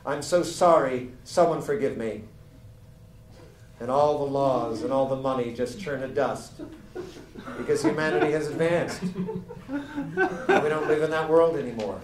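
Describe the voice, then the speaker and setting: A man's voice: mid-range voice, normal speed, long pauses, crowd noise. A man giving an impassioned comic reading of an essay, building to rants before a live audience. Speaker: reader at a live book reading. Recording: echoey room, mic from far off, audience noise.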